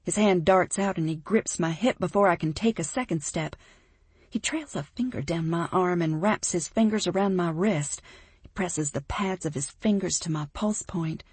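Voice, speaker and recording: A woman narrating a first-person romance audiobook, expressive and emphatic in the heroine's lines. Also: lowish voice, normal speed, breathy edge, dry recording.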